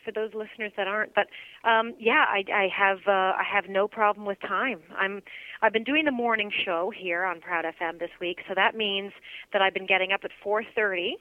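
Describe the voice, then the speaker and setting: A woman's voice: medium pitch, steady tone, normal speed, no echo. A woman co-hosting a podcast in casual chat, bubbly and teasing, laughing often. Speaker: podcast co-host and radio morning show host. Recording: tinny phone-like line.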